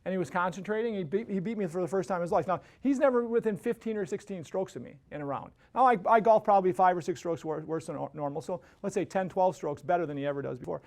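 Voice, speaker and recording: High-voiced fast-talking man telling stories. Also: gravelly, darkish tone. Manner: rambling, many restarts and tag questions. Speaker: podcast host. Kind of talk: casual storytelling.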